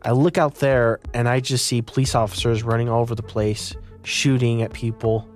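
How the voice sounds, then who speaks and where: A man's voice: medium pitch, little pitch movement, moderate pace, a little mellow, faint music behind. Young man telling a gripping personal story. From Utah, United States. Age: young adult. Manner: vivid, earnest storytelling. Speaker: interviewee.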